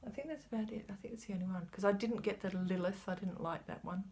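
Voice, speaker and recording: A woman's voice: medium pitch, fast talker, a little mellow. A woman, chatting casually as she shows her cross-stitch supplies, rambling a little and sometimes dropping to a whisper. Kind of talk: casual chat showing craft supplies.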